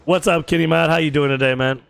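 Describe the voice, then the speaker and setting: An American man streaming a game and chatting casually with his viewers, joking, teasing and firing off quick questions. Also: on the high side, fairly even intonation, vocal fry, a bit bright, smooth. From United States. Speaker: gaming streamer.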